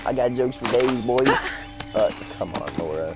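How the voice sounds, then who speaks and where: A man's voice: mid-range voice, expressive, slow pace, long pauses. A man streaming a video game, joking and swearing as he reacts to the action. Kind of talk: casual gameplay commentary. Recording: game music loud behind voice. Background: game music.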